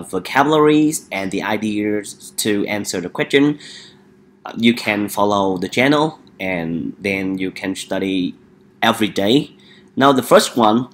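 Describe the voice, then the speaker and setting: A man's voice: lowish voice, a little hiss or hum. A man teaching an English vocabulary lesson. He often hesitates and repeats each word for the listener to drill.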